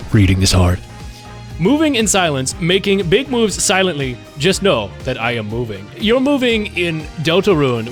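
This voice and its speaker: A man streaming a game live, chatting casually with his viewers, excitable and swearing freely. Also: fairly high pitch. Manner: excitable, swears, talks to chat.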